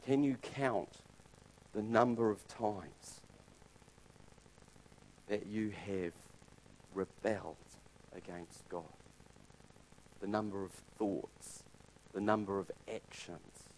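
A man preaching with a lowish voice, talking to his congregation as if in conversation. He builds up loudly through a story, then drops to a soft, quiet emphasis for the key points. A faint hum of the room sits behind him. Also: takes it slowly, long pauses, low-quality recording. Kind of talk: sermon.

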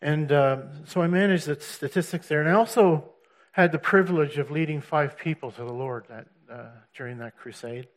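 A man's voice: a little high, moderate pace. A man giving a personal church testimony, telling his story earnestly with restarts and laughs.

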